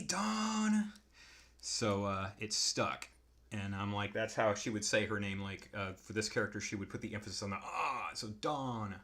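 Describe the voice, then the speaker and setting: A man with a lowish voice talks through his drawing process, unhurried and musing. He thinks aloud between pauses in a casual, easygoing way, like an artist explaining his design choices. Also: a bit bright. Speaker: artist demonstrating character design.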